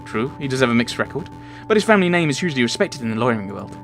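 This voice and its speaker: A man's voice: mid-range voice, big pitch swings, racing, a bit bright, soft background music. A man voicing a sly male fox private investigator in a visual novel, speaking in a theatrical, mock-formal way.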